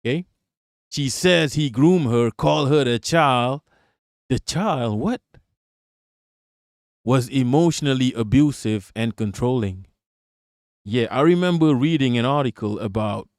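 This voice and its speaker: A man hosts a live stream, reacting to news and talking with viewers in a profane, sarcastic style as casual commentary. His mid-range voice has a darkish tone, recorded dry with clean studio sound.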